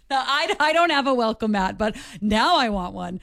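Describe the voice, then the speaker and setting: A woman's voice: fairly high pitch, expressive, moderate pace, vocal fry, fairly bright tone, dry recording, clean studio sound. A woman chatting casually in a radio segment, amused and playful as she reads things aloud.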